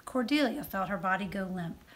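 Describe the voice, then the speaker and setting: A woman judge reading a children's book aloud with expressive storytelling. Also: medium pitch, normal speed. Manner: expressive storytelling, softer on narration tags.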